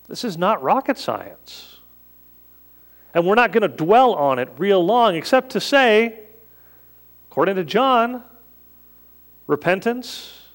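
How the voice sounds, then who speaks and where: A man preaching a sermon as a pastor, in a conversational way that leans on rhetorical questions. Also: high voice.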